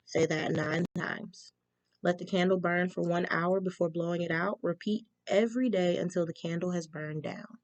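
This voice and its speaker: A woman with a lowish voice and fairly level intonation talks at a moderate pace in a dry recording. She's a tarot reader giving a casual, chatty reading, reading spell instructions aloud with lots of ums.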